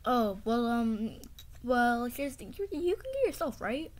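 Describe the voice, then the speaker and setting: A woman voicing a cheerful, thoughtless clay boy in a home toy play-acting video, with stammering, excited baby talk. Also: on the high side, a little slow. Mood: casual. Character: cheerful clay boy, carefree and thoughtless toward his friend.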